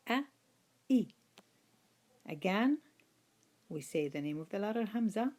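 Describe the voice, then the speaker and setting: Slow, patient woman teaching letters. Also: medium pitch, animated, a little mellow. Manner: patient, repeats each sound several times. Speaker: Quran reading teacher. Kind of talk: slow step-by-step lesson.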